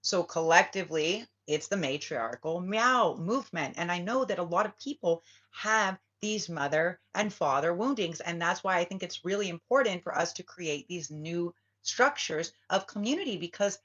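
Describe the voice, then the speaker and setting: A woman's voice: lowish voice, expressive, normal speed, few pauses, fairly bright tone, highs cut off. A woman, a spiritual reader, talking in a casual, rambling and emphatic way and swearing freely. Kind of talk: casual rambling vlog talk.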